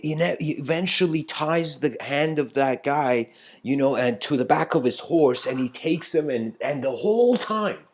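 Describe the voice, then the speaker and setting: A man's voice: fairly high pitch, a little hiss or hum. A man giving a spiritual talk, retelling an old story in a loose, conversational way with many fillers and restarts.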